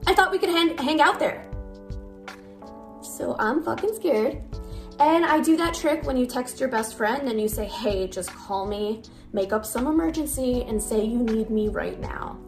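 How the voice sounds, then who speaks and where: A young woman in her twenties telling a storytime to camera, animated and blunt, swearing freely. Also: on the high side, normal speed. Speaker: TikTok storyteller. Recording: music bed underneath.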